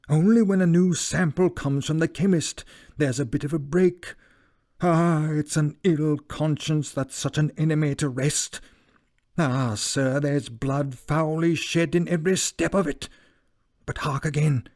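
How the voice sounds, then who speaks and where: A man doing a hushed, frightened old butler. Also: a little high, voice pushed up. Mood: fearful. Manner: hushed, slow and fearful. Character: elderly male butler, frightened and grave.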